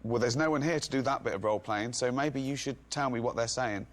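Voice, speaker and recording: A man's voice: medium pitch, fast. A male host teasing a guest in a mock-serious way during a casual studio chat. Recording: loud hiss.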